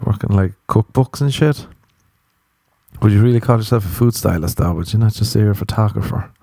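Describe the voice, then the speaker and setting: A man's voice: on the low side, fairly quick, creaky, warm tone, no room sound, clean studio sound. An Irish man in his thirties hosting a podcast, rambling through a sweary, self-mocking comic monologue. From Ireland. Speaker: podcast host. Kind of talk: casual comedic monologue.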